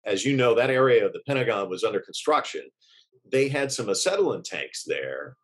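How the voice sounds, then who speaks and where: A middle-aged man, a journalist, recalling what he witnessed in an interview, earnest and halting, with many restarts and fillers. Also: on the low side, very animated, fairly bright tone. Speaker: journalist eyewitness.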